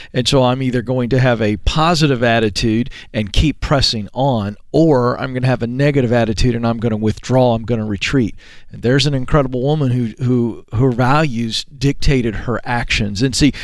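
Male co-host, mid-pitched, earnest and motivational, dry studio sound. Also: dry recording. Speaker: radio show co-host. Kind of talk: casual talk show chat.

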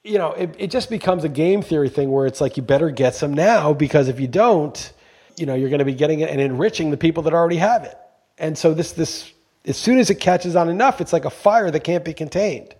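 A man's voice: a little high, a little fast, a little mellow, slightly rough. A man co-hosting a podcast, talking emphatically in casual chat and swearing freely when he gets going. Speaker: podcast co-host.

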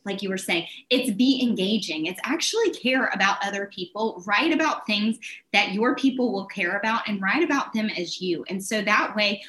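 A woman guest in an interview, giving sales advice in an energetic, animated way with quick bursts. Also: mid-range voice, poor audio.

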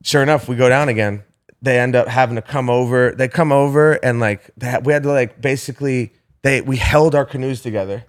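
A man's voice: medium pitch, fairly quick. Young man telling a rambling story. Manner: animated, swearing, heavy filler words. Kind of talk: casual storytelling among friends.

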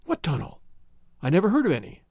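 A man's voice: sits high, wildly swooping pitch, fast, warm tone, no room sound, clean studio sound, heavily acted. A man voicing a desperate brigand prisoner, eager and distrustful, reading a storybook tale. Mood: gruff.

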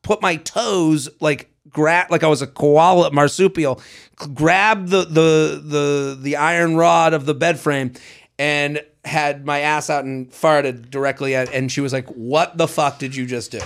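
A man's voice: fairly high pitch, steady tone, a little slow, gravelly. Laughing male podcast co-host. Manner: laughs often, reads listener letters. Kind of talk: casual chat.

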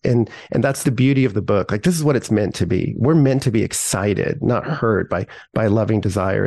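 A middle-aged pastor talks in an earnest, animated way, telling stories as a podcast guest. His voice sits at an ordinary pitch for a man. The sound is dry and close, with no room echo. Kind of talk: conversational podcast interview.

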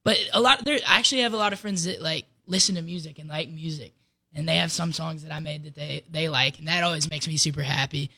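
High gravelly teenage boy. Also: fairly even intonation, fast, sharp tone. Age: teens. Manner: youthful, chatty with many likes. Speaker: guest musician. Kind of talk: casual chat.

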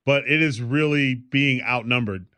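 A man's voice: mid-range voice, normal speed, pushed and bright, smooth, dry recording. A man co-hosting a podcast, telling stories in a loose, rambling way with lots of fillers. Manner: rambling storyteller, many fillers. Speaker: podcast co-host. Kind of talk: casual chat.

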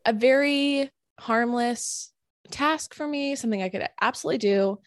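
A young woman co-hosting a podcast, telling a story in a casual, animated way, full of fillers and acted-out quotes. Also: on the high side, normal speed, dry recording. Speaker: podcast co-host.

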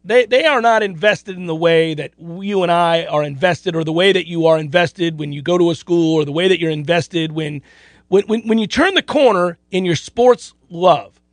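Man, middle-aged, sports radio host, animated storyteller, high voice, dry studio sound. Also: normal speed, no room sound. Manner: animated, self-deprecating storyteller. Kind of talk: casual sports radio chat.

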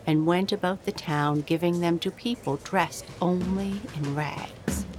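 A woman reading a storybook aloud in an expressive storytelling manner. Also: on the low side, poor audio.

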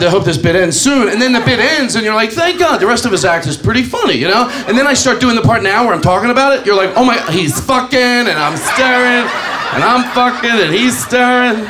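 A man doing a live stand-up set, his voice pitched high and swinging wildly as he acts out characters. He is crude and animated. The club recording carries clear background noise. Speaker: stand-up comedian. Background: audience laughter.

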